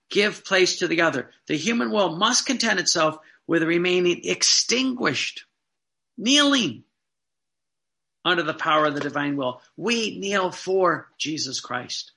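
Bright-voiced man preaching fervently. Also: a little high, vocal fry. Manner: fervent, emphatic repetition, slowing for stress. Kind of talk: sermon.

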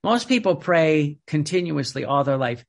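Gravelly preacher man, husky. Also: fairly high pitch, lively intonation, moderate pace. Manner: repetitive, emphatic, with many restarts. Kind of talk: sermon.

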